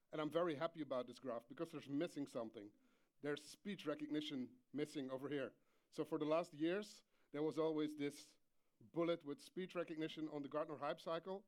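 A man giving a conference presentation, hesitant with many fillers and a light humor. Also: on the high side. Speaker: conference speaker.

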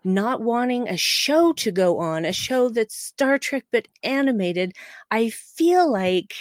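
A woman co-hosting a podcast in casual chat, talking in a chatty, animated way with quick asides. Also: fairly high pitch, no room sound, studio quality. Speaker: podcast co-host.

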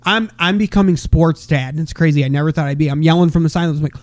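High-voiced profane man rambling on a podcast. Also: rapid-fire, dry recording. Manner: rambling, profane, loud bursts when quoting people. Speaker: podcast host. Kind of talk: crude comedic podcast banter.

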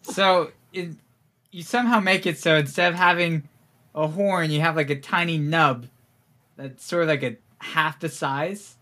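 A man narrates a tabletop role-playing session as game master, his voice a touch high and strikingly bright. He talks in a relaxed, halting way, stopping for fillers as he describes the scene.

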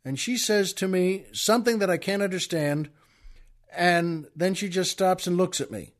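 A man hosting a show, telling a comic story in an animated way, stammering as he acts out the outbursts. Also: sits high, moderate pace. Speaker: podcast host.

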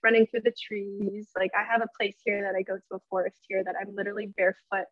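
A woman's voice: medium pitch, level tone, fast, dry recording. A woman speaking as a podcast guest in casual interview chat, emotional, effusive and earnest. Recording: dull, slightly lo-fi sound.

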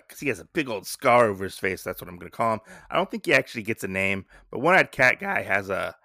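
Male podcast host, casual recap, rambling with fillers, bright dry tone. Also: lowish voice, no room sound. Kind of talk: casual comic book recap.

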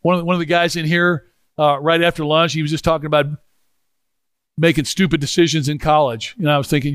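Male pastor, conversational sermon, slightly raised pitch, dry close sound. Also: steady tone, fairly bright tone, smooth, dry recording. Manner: conversational, dropping into a lower voice for scripture; halting restarts.

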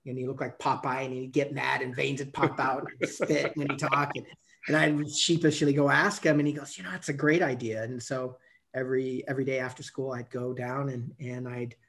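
A man's voice: medium pitch, level tone, normal speed, vocal fry, fairly bright tone, a little hiss or hum. A man in his fifties, a coach and podcast guest, telling stories in a rambling way with many restarts and fillers. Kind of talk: casual storytelling interview.

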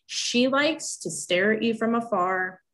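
A woman's voice: fairly high pitch, animated, a little slow, fairly bright tone. A young woman telling a personal story in casual talk, emotional and rambling, with many restarts.

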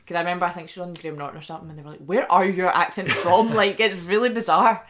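A young woman with a lowish voice chats casually as a podcast co-host. She leans on "like" constantly and acts out what people said. Her talk is loose, rambling and full of quotes. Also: rapid-fire. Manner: chatty, heavy use of "like", animated quoting. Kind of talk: casual chat.

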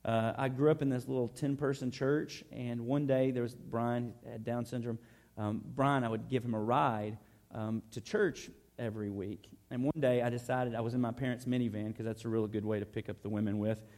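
A man's voice: medium pitch, steady tone, moderate pace, darkish tone. A man, preaching a conversational, earnest sermon built on personal stories. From Arkansas. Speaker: pastor. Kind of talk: storytelling sermon.

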